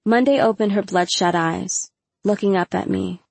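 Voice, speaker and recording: A woman narrating a first-person audiobook in a measured storytelling voice with casual slang. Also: mid-range voice, vocal fry, breathy edge, dry recording.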